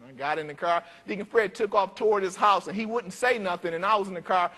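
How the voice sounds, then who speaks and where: A male pastor from Detroit preaching a storytelling sermon, emphatic, with big swings in pitch and loudness. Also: fast. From Detroit, United States.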